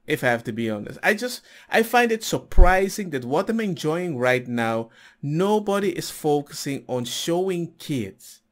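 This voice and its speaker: A man hosting a reaction video who comments in an indignant, sarcastic way. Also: mid-range voice. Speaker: host reacting to a clip.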